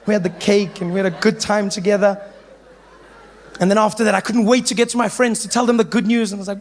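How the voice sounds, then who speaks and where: High-voiced comedian. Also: male voice, quick pace, a little hiss or hum. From South Africa. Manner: animated, slipping into voices of the people in his story. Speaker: stand-up comedian. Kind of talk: stand-up storytelling.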